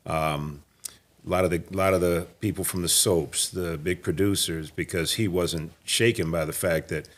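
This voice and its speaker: A man's voice: deep voice, fairly even intonation, moderate pace. A man in his fifties from Nebraska, a guest actor telling stories in a casual interview, emphatic and laid-back. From Nebraska, USA.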